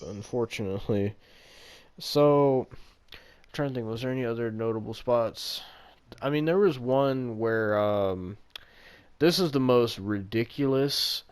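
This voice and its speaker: A man co-hosting a casual podcast, his voice sitting at an ordinary male pitch. He rants in exasperation and swears freely as he picks apart the match. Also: a little slow, smooth. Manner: exasperated, profane wrestling rant. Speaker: podcast co-host. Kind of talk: casual chat.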